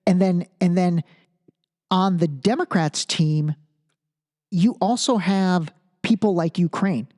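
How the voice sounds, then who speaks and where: A man's voice: sits high, slow pace, darkish tone. Chatty man riffing on a podcast. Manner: thinking aloud, restarts, checks in with "okay?". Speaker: podcast host. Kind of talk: casual solo commentary.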